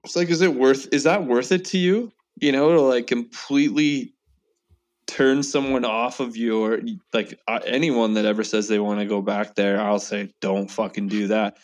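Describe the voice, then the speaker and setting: A man's voice: mid-range voice, steady tone, normal speed. A young man telling an angry story in casual chat, swearing often and acting out both sides. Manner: profane, heated storytelling.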